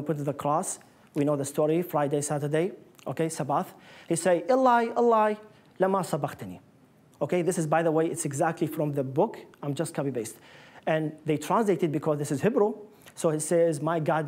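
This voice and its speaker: A man's voice: high-pitched, a little mellow. A man giving a public lecture with slides, explaining in earnest with non-native phrasing. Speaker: guest lecturer. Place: lecture room.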